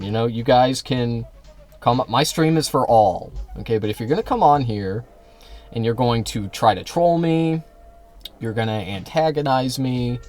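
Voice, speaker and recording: A livestreamer with a lowish, somewhat dark voice argues with his chat. He's combative, profane, and full of sarcastic mockery.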